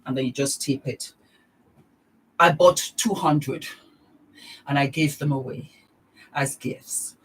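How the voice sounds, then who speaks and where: A woman's voice: a bass voice, slow, pauses often, breathy edge, poor audio. A middle-aged woman vlogging a casual beauty product demonstration, gushing and exuberant, repeating her words of praise.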